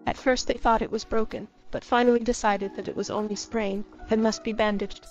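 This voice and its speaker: A woman narrating a classic children's story in a steady, even reading. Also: a little high, a little fast. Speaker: audiobook reader. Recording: slightly muffled with faint music.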